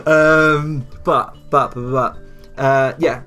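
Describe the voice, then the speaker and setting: A man's voice: on the high side, steady tone, takes it slowly, sharp tone, soft background music. Rambling, swearing young Englishman. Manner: rambling, laughing, swearing, many fillers. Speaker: podcast co-host. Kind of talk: casual chat.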